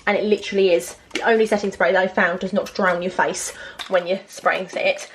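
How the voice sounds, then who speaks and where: A young woman talks through her makeup in a chatty, excitable way, full of asides and fillers. Her pitch sits in an ordinary middle range. Faint household clatter sits behind her voice. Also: moderate pace, background noise. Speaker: beauty vlogger. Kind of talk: casual makeup collection vlog.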